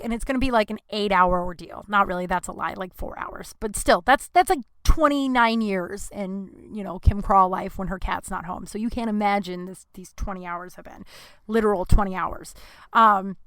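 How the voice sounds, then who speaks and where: A woman's voice: medium pitch, fairly bright tone, clear, resonant tone, dry recording. A young woman hosting a podcast, telling a casual, rambling story with lots of restarts, self-mocking and swearing freely. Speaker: podcast host. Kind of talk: casual monologue.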